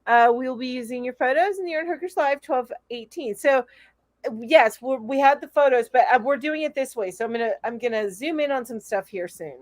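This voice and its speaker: She is a high-pitched woman chatting casually on a live stream, rambling from one thought to the next. Her voice comes over a dry, close video-call mic. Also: a little fast, no echo. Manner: chatty, rambling, laughs often. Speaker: podcast co-host.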